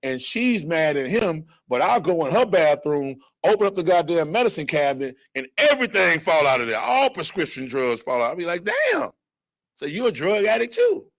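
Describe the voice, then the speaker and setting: A man teaching a blunt, animated Bible lesson who acts out other people's voices as he goes. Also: on the high side, a little fast, few pauses. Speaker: scripture teacher. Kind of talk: fiery street-style Bible lesson.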